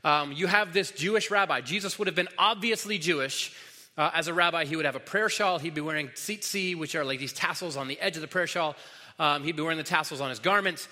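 Male pastor, casual sermon delivery with fillers, slightly high voice, long hall echo. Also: fairly quick, bright, forceful tone. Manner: casual teaching with many fillers and restarts.

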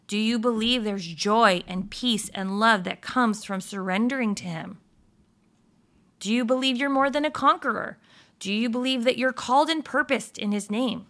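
A woman with a bright, forceful voice giving casual devotional encouragement. She talks earnestly and keeps asking rhetorical questions, and she laughs off her own slips. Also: a little high. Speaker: Christian devotional speaker.

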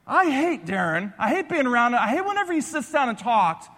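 Guy doing a freaked-out teen jock, high whiny voice, big echoey hall. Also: sing-song, fairly quick, bright, forceful tone, exaggerated voice. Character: teen boy athlete, rattled and complaining.

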